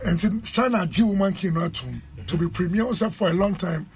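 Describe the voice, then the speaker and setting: High-voiced man over crowd noise. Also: a little fast. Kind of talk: radio discussion.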